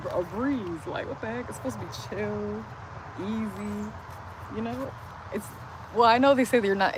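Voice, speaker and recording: A woman livestreaming outdoors by a street, chatting casually and rambling, saying "like" constantly, into a phone. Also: mid-range voice. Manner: says "like" constantly, loose and rambling. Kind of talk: casual rambling stream chat. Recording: loud outdoor street noise.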